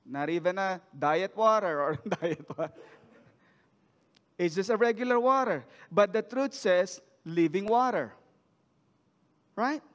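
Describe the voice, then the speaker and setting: A man's voice: high-pitched, animated, unhurried, a bit bright, clear, resonant tone. A man preaching a sermon, reading scripture aloud and then asking the congregation questions about it. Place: church sanctuary. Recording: long church hall reverb.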